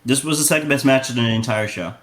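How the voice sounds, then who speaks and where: A man co-hosting a podcast, casually giving his opinions and ratings in a relaxed way, with lots of "like" and "you know". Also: medium pitch, fast talker. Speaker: podcast co-host. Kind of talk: casual review chat.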